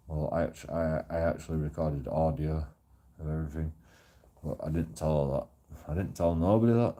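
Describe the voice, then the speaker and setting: Gruff, low-voiced man swearing. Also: normal speed, warm tone. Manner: heavy swearing, rambling with restarts. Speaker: vlogger telling a personal story. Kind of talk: casual storytelling monologue.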